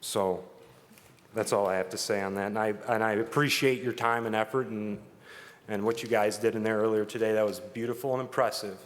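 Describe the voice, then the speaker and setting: A man's voice: lowish voice, fairly even intonation. Emotional man at a council podium. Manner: emotional, halting, earnest. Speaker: resident giving public comment. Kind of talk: public comment at a council meeting. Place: council meeting chamber. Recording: reverberant meeting hall.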